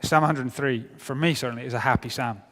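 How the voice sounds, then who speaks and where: A middle-aged Scottish man giving a sermon to young people, wry and humorous, dropping to quiet for serious points. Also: mid-range voice, quick pace. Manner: humorous, wry storytelling with sudden drops to quiet. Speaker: youth speaker. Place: large hall. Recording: long hall reverb.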